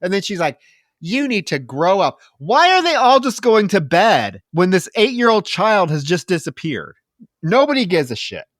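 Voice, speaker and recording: A man co-hosting a film podcast, recapping the plot in casual chat, animated and profane, laughing often. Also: sits high, normal speed, dry recording, studio quality. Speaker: podcast co-host.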